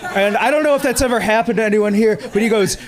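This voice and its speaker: A stand-up comedian in his thirties, a man from Chicago, works a comedy club crowd. His voice sits a little high and he gets animated, often laughing through his own lines as he tells the story. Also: quick pace. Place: comedy club stage with audience.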